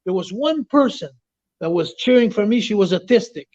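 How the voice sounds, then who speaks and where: A man tells a story as an interview guest, in a fairly high voice. He is animated and often stumbles over repeated words. The audio sounds dull and lo-fi. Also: brisk. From Quebec, Canada. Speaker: interview guest, former wrestler.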